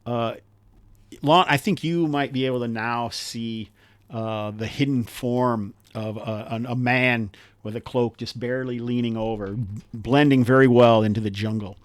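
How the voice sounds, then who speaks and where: A man narrating as game master for a tabletop game, casual and rambling, with plenty of ums and uhs. His voice sits at a middle pitch and sounds dry and close, with little room around it. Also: a little slow, no room sound. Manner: relaxed, rambling, many fillers.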